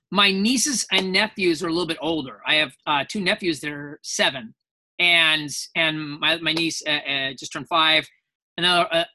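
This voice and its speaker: An animated man chatting as a convention panel guest, his bright, forward voice recorded dry and close. He tells stories with energy and slips in quick impressions. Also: a little high, no echo. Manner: animated storyteller, acting out voices in anecdotes. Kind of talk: casual panel interview.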